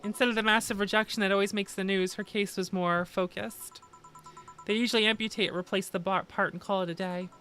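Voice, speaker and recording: A weary young bartender with a sardonic edge, read by a woman. She talks bluntly and drops a curse when something gets under her skin. Her voice sits at an ordinary middle pitch. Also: fairly even intonation, brisk, fairly bright tone, soft background music, natural voice. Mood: subdued. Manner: blunt, swears when upset.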